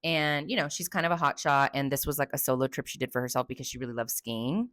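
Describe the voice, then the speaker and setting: A woman's voice: rumbling low, fairly even intonation, quick pace, fairly bright tone, dry recording, clean studio sound. A young woman from Texas, hosting a podcast and telling a story casually, chatty and swearing freely with many fillers. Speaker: podcast host.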